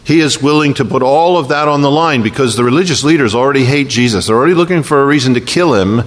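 A man preaching a sermon and telling the story with feeling, often dropping to a slow, quiet hush for emphasis. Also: mid-range voice. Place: church sanctuary. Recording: long reverb of a large hall.

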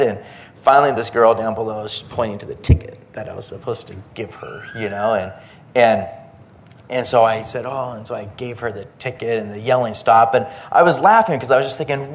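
A man delivering a sermon in an easygoing, anecdotal manner, at a middle pitch for a man. He tells his stories plainly and repeats words as he restarts phrases. The talk is addressed to a church congregation. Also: a little fast. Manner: conversational, anecdotal preaching with many restarts. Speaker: pastor.

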